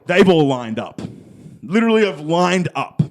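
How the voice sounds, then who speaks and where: Animated man telling a story. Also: a little high, moderate pace. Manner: animated, acts out quoted voices, heavy swearing. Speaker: podcast co-host telling a story. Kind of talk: casual storytelling chat.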